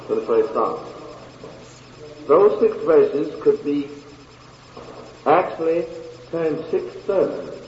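A man's voice: a little high, expressive, darkish tone, highs cut off, a little hiss or hum. A preacher man in an echoey hall. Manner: slow, deliberate reading with long pauses. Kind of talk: sermon with scripture reading.

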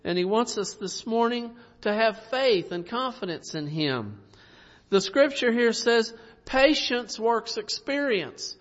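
A man with a high voice preaches a sermon in an unhurried, folksy way, turning his points into questions for the congregation. The sound is dull and muffled, and it rings on in a long reverb. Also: big pitch swings. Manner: folksy preaching, rhetorical tag questions, soft chuckles. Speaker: pastor.

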